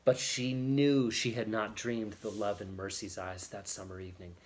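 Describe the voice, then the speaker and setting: A man reading a novel chapter aloud in a steady, expressive storytelling manner. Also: lowish voice, normal speed. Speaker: audiobook reader.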